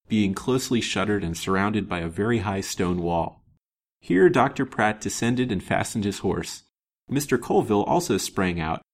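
A male storyteller reads an old novel aloud. His voice is low and husky, and it moves expressively through the sentences in an old-fashioned way. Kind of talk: storybook narration.

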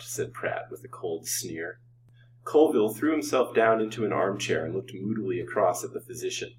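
A man reads an old serial story aloud with measured drama. His voice sits low. The mic is distant and a faint hum runs underneath.

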